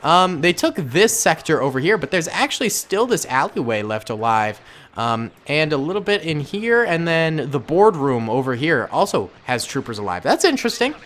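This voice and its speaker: A man with a Boston-area accent giving excitable, jokey, rambling commentary over a battle simulation game. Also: fairly high pitch, moderate pace. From Massachusetts, USA. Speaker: gaming YouTuber narrating a battle simulation. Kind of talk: casual gameplay commentary.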